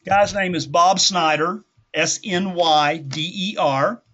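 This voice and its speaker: A man's voice: sits high, slow pace, sharp tone. A man hosting a conversational teaching call, rambling and correcting himself as he goes. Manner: rambling, self-correcting, folksy. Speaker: instructor hosting a group call. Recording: dull lo-fi call audio.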